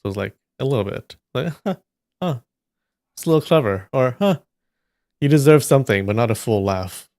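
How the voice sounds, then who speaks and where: A man's voice: medium pitch, lively intonation, quick pace, hardly any pauses, a little mellow, no room sound, studio quality. A man hosting a live stream, chatting casually with viewers and joking and teasing with frequent laughs.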